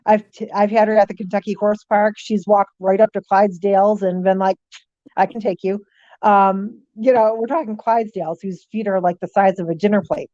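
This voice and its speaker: Middle-aged woman telling lively anecdotes. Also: mid-range voice, fairly quick, hardly any pauses, dry recording, lo-fi sound. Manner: lively anecdotes, acts out animals with quotes, frequent ums. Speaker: guest, paranormal author. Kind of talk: casual storytelling interview.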